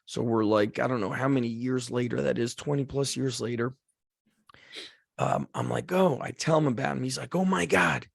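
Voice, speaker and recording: A man hosting a podcast, telling a casual story with lots of "like" and acting out the shouted lines of the people in it. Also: medium pitch, normal speed, vocal fry, no echo, studio quality. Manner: animated storyteller, acts out shouted quotes, frequent "like". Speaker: podcast host.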